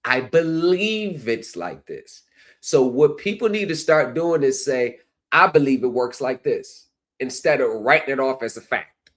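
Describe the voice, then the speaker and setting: Man, livestream commentary, lecturing tone, repetitive phrasing, slow delivery. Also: medium pitch, lively intonation, fairly bright tone. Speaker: streaming commentary host.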